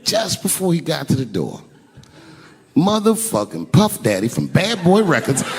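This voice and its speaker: A man doing stand-up, telling a story in a lively, profane way and acting out the people in it, recorded live on an arena stage. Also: a little high, normal speed, creaky. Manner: animated, profane, acts out voices. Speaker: stand-up comedian. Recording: live arena recording with long reverb and crowd noise.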